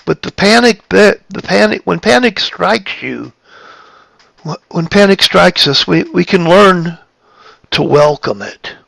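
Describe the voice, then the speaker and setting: Guy talking slow about spiritual stuff, kinda gravelly, stops and restarts a lot. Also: sits high, animated, fairly bright tone, dry recording. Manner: halting, repeats and restarts phrases; plays with tone of voice for emphasis. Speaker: spiritual speaker. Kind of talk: reflective spiritual talk.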